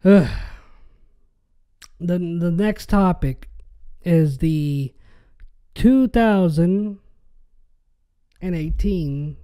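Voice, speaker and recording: Young guy ranting on his podcast, high voice, slow and fed up, keeps stumbling over words. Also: warm tone, clean tone. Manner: exasperated, swears, stumbles and repeats words. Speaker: podcast host.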